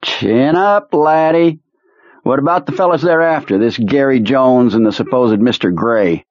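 A man's voice: mid-range voice, unhurried, dry recording, pitched above the performer's own voice, natural voice. A man doing a sardonic, hard-bitten commander. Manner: sardonic, falsely tender. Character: mocking, hard-bitten middle-aged male commander. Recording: muffled lo-fi recording.

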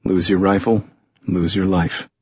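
A tough, wounded man speaks in short, clipped lines, voiced by a male narrator. The voice is low and husky. It comes through a dull, lo-fi recording. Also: level tone, measured pace, a little mellow, no room sound. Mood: grim. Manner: terse, low-key lines. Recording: dull lo-fi audio.

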